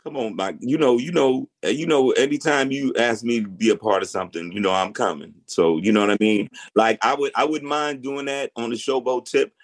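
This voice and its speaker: A man's voice: medium pitch, a little fast, hardly any pauses. A middle-aged man speaking as a guest in a casual interview, laid-back and frank with slangy talk.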